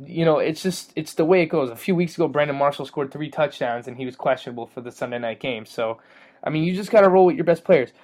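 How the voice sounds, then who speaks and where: A man co-hosting a fantasy football podcast, chatting casually, rambling with fillers and quick to joke and laugh. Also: on the high side, a little mellow. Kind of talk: casual sports chat.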